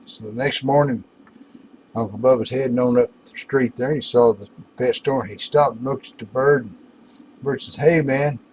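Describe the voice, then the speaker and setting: A man in his workshop telling a folksy joke to his viewers in a relaxed drawl. His voice sits in an ordinary middle pitch, and a faint hum runs underneath. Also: moderate pace, low-quality recording. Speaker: workshop YouTuber. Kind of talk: casual joke-telling vlog.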